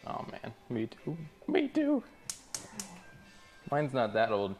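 A man's voice: on the low side, moderate pace, faint music behind. A man streaming, reading out chat messages and chatting casually in a laid-back, rambling way with frequent laughs.

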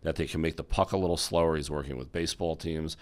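Speaking fast in a steady bass voice, this middle-aged U.S. guest, once an exchange executive, animatedly recounts stories in an interview. He mimics the voices of the people he quotes.

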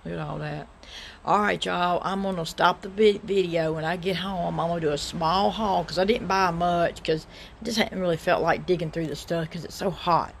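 A woman's voice: lowish voice, fairly even intonation, moderate pace, creaky, slight background noise. A middle-aged woman with a Southern US accent, chatting casually to her viewers in a thrift-shopping vlog. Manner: chatty, drawling, addresses viewers as y'all. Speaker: vlogger.

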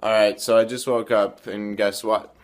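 A man's voice: lowish voice, flat delivery, normal speed. A young man playing the awkward, earnest straight man in short comedy sketches. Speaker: sketch partner.

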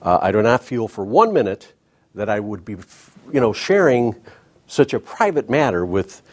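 A man's voice: fairly low pitch, sing-song, normal speed. A man hosting a comedic talk show, delivering a wisecracking monologue.

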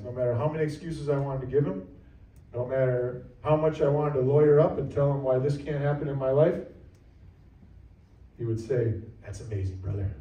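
A man preaches a sermon as a pastor, earnest and repetitive in his emphasis. His voice is mellow and warm. He is picked up from some distance away, in a roomy church with echo. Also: medium pitch, dull audio, a little hiss or hum. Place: church sanctuary.

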